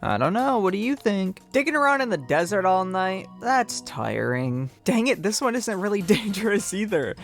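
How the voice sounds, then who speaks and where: A man's voice: high voice, very animated, normal speed, creaky, few pauses, a bit bright. Joking young man over game music. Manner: joking, exaggerated, briefly puts on a southern drawl. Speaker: gaming video host. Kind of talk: comedic commentary over gameplay. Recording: music bed behind voice. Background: faint background music.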